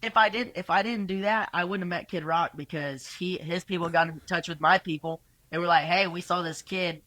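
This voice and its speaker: Bright-voiced young man telling stories. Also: high voice, brisk, dry recording. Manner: energetic, profane, stumbling restarts. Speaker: podcast guest, rodeo rider. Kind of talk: casual storytelling.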